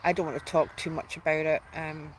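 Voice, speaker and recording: A woman's voice: sits low, little pitch movement, a little fast, slight background noise, rough recording. A woman hosting her own spiritual channel, talking in a heartfelt, rambling way full of restarts and fillers, close to tears at times. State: tearful at times. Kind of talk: emotional personal announcement.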